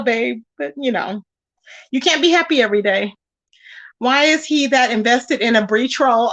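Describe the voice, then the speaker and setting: A woman hosting a casual livestream, reading viewers' comments aloud and reacting with lively exclamations and frequent laughter. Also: high voice, moderate pace. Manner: animated, laughs often, calls viewers baby and child. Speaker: livestream host reading chat. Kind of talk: casual chat.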